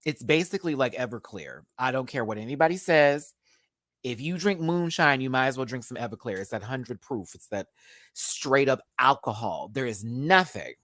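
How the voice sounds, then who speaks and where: A woman's voice: rumbling low, fairly bright tone, dry recording, studio quality. A woman from the States, chatting and laughing often as she reviews a TV episode live from a home setup with a ring light. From Southern United States. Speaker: TV show reviewer.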